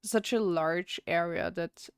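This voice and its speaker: A woman's voice: fairly low pitch, slow, smooth, no room sound. A young woman from Austria, chatting casually while streaming a game, rambling with many fillers and restarts. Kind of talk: casual gameplay chat.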